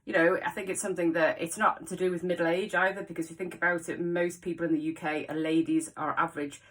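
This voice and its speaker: A woman's voice: fairly low pitch, level tone, fast, fairly bright tone. A woman, chatting casually to camera in a rambling vlog. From England. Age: 40s. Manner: rambling, chatty, many asides. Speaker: vlogger. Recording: voice a bit far from the mic.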